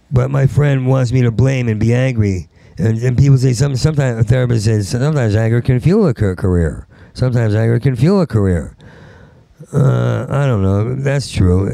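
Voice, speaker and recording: Middle-aged guy ranting stand-up, stutters a ton, gravelly dark voice, dry close sound. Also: mid-range voice, dry recording. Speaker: stand-up comedian. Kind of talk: rambling stand-up monologue.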